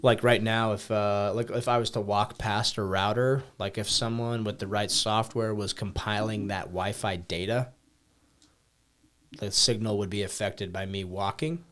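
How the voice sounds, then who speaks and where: A man with a low voice explains things on a casual podcast. His delivery is loose and chatty, with many fillers and casual swearing. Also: fairly even intonation, moderate pace, a bit bright. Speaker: podcast co-host.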